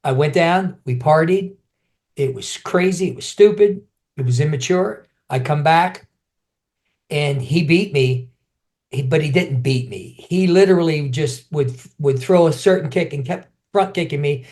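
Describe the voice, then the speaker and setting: Speaking at a measured pace with a fairly high pitch, a middle-aged man who was once a champion kickboxer shares tales in a relaxed interview. His telling is lively, full of restarts, and he mimics the voices of the people involved.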